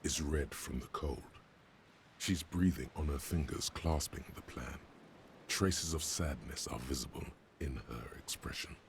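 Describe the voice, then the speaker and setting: A man voicing the grim inner narrator of a detective video game, reading scripted narration in a gravelly tone. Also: extremely low pitch, unhurried, a little hiss or hum.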